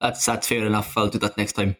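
A man's voice: lowish voice, level tone, brisk, fairly bright tone. A man playing a tabletop game, talking in character in a loose, hesitant way with many "uh"s and the odd swear. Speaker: player. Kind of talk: in-character tabletop role-play.

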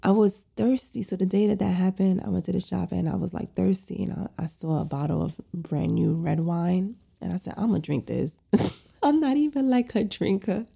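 Young woman, husky and dark-toned, casual stressed storytime delivery. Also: fairly low pitch, fairly even intonation, a little fast, few pauses. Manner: venting, stressed, conversational with fillers. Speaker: lash and facial technician.

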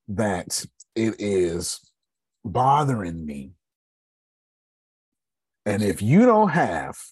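Male host, husky and dry, blunt motivational talker who repeats himself and swears. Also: lowish voice, a little mellow, no echo. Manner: blunt, repetitive, swears freely; addresses listeners by name. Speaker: host of a coaching meeting. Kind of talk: casual motivational talk.

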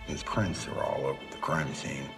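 An actor playing a grim, baffled detective in a crime drama trailer, over scary music. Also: male voice, a bass voice, normal speed, vocal fry.

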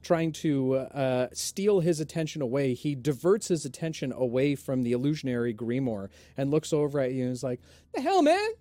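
A man running a tabletop game as game master, relaxed with many fillers. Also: mid-range voice, moderate pace, hardly any pauses, dry recording. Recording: dry, with faint music.

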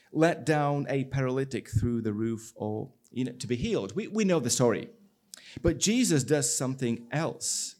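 A man pastor preaching a sermon, telling the story in an animated way and acting out the people's lines. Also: medium pitch. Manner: animated storytelling with acted-out dialogue.

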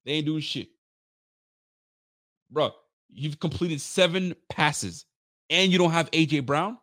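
A man's voice: on the high side, slow, sharp tone, no echo, clean studio sound. A tired man hosting a live post-game reaction stream for a fan channel, hyped and rambling, trash-talking the rivals. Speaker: sports fan channel host.

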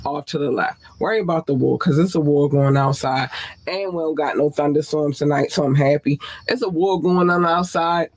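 A man hosting a podcast, closing the show with playful, animated talk, casual swearing and sing-song repeats. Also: a little high, moderate pace. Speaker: podcast host.

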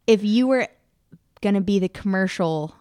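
A woman's voice: mid-range voice, moderate pace, mellow, no echo, studio quality. A woman hosting a casual podcast chat, playfully leading the conversation. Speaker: podcast host.

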